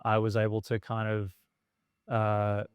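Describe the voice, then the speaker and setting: A man's voice: on the low side, a little slow, smooth, no room sound. A middle-aged man who founded a record label, recounting anecdotes in a documentary interview and acting out the dialogue of the people in them. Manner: animated anecdote-telling, acting out quoted dialogue.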